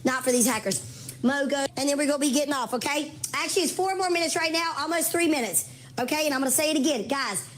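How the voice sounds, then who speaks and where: A woman hosting a casual live-stream sale, chatting with viewers, calling them baby girl and mama, with her voice going hoarse from talking. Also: high-pitched, quick pace. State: losing her voice.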